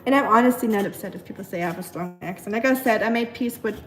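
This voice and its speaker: Cooking in her home kitchen, a young woman with a German accent talks fast to her livestream viewers in a mid-range, fairly bright voice. A native German speaker, she answers them casually and sometimes searches for words. Dishes clatter in the echoey room.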